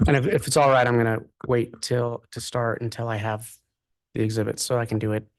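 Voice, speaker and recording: Man, prosecutor, formal courtroom requests, mid pitch, dry sound. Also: level tone, fairly quick, dry recording. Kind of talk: courtroom proceedings.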